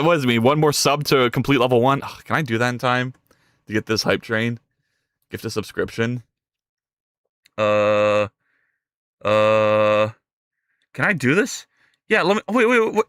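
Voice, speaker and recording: A man's voice: a little high, a bit bright, no echo, clean studio sound. A man streaming live while coding his game, thinking aloud in a rambling way, swearing and talking to his chat.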